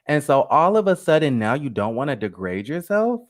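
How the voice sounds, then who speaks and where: A man's voice: mid-range voice, big pitch swings, normal speed. A man hosting a live gossip stream, chatty and sassy, talking straight to his chat. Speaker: host of a live gossip show. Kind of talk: casual live-stream commentary.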